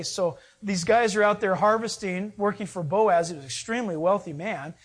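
Brief: preacher, mid-pitch voice, casual storytelling sermon, loose and chatty. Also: moderate pace, hardly any pauses, breathy edge. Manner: conversational storytelling with fillers.

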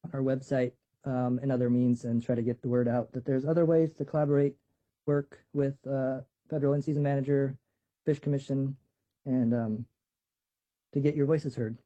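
A man's voice: medium pitch, little pitch movement, moderate pace, mellow. A man from a fisheries management team giving brief, casual announcements with frequent fillers on a call. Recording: dull lo-fi call audio.

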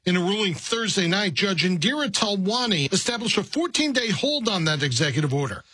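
A man filing a radio news report in a measured, formal delivery. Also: sits high, sing-song, bright, forceful tone, husky, no echo, rough recording. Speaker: news correspondent.

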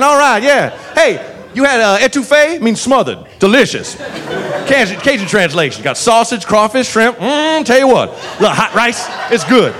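A man's voice: very high-pitched, voice pushed up. A man doing a folksy Southern cop drawl. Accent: Southern US, put on.

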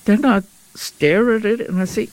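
A woman's voice: medium pitch, moderate pace, darkish tone, no room sound. An older woman talks in a chatty, easygoing way, her a little broken. The recording is very dry and close, with no room sound. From Hong Kong. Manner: chatty, laughs easily, slightly broken English. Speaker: interviewee, former home economist. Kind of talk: reminiscing interview.

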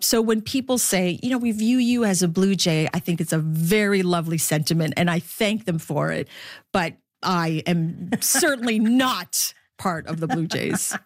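Lively woman sports broadcaster, dry sound. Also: normal speed, no room sound. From Philippines. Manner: warm and animated, laughs often, voice jumps high when quoting others. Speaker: sports broadcaster, interview guest. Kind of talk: candid interview conversation.

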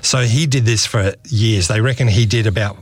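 A man's voice: fairly low pitch, normal speed, no echo. A man with an Australian accent, a regular radio guest, chatting casually about history with a voice worn from days of guiding tours. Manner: chatty, relaxed storyteller with fillers. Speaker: regular history guest, walking tour guide.

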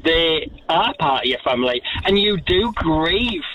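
A man's voice: on the high side, animated, measured pace, pushed and bright, dull audio, a little hiss or hum. A man in his forties calling a talkback radio show by phone, telling an earnest story and acting out the voices of the people in it. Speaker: caller.

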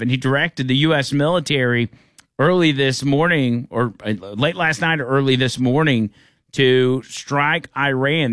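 A man's voice: mid-range voice, a little slow, a bit bright, dry recording, studio quality. A man hosting a casual radio talk show, rambling with frequent restarts.

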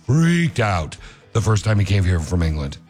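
A man's voice: sits low, very animated, moderate pace, darkish tone, husky, faint music behind. A man hosting a casual chat, joking around and rattling off rambling fun facts. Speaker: host.

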